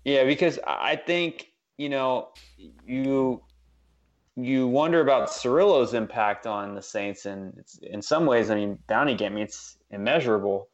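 A man's voice: medium pitch, normal speed, dull audio. A man co-hosting a casual sports podcast, talking loosely with lots of fillers and restarts. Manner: loose, rambling, frequent fillers. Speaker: podcast co-host.

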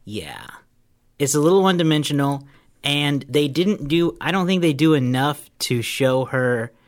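A man's voice: fairly high pitch, animated, normal speed. A man co-hosting a casual movie discussion, giving blunt opinions and hot takes. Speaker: podcast co-host.

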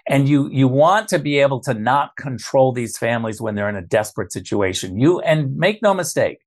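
A man speaking as a guest on a political talk show, forceful and emphatic, stressing his points by repeating them. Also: mid-range voice, expressive, fairly quick.

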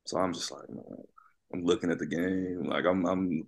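A man with a very low voice tells an animated basketball story in a casual interview. He is a former college player who now coaches high school, and he keeps checking in with his listener. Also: normal speed, creaky.

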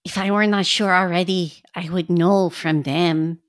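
A woman's voice: fairly low pitch, steady tone, measured pace, dry recording, studio quality, natural voice. A woman reading the part of a weak, feverish dying male patient in an amateur group reading, pleading and strained. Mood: grim.

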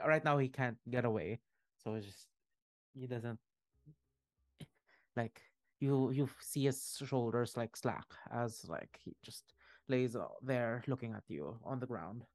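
Man, game master, unhurried, hesitant narration, dry close sound. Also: medium pitch, dry recording. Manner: hesitant, filler-heavy narration.

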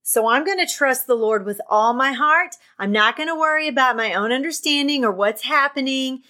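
Middle-aged woman host, enthusiastic faith-based motivator, bright and slightly high. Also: expressive, normal speed. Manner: enthusiastic, faith-filled pep talk. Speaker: podcast host. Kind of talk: excited podcast monologue.

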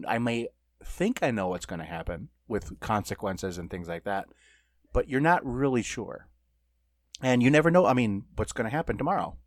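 A man's voice: mid-range voice, dry recording, studio quality. A man co-hosting a podcast in casual chat, telling stories in a rambling way full of fillers. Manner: rambling, filler-heavy storytelling. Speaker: podcast co-host.

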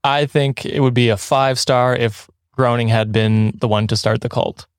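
A male podcast host in loose, chatty conversation. His voice sits at an ordinary middle pitch and sounds close and dry, with no room around it. He drifts into tangents, restarts his sentences and laughs easily. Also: little pitch movement, moderate pace, dry recording. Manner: rambling, self-correcting, laughs often. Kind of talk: casual podcast chat.

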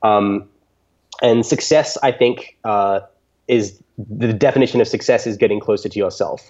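A man's voice: lowish voice, moderate pace, a little mellow. Thoughtful man full of ums, lo-fi sound. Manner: thoughtful, many ums and restarts. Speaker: music podcaster, guest. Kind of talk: reflective interview answers.

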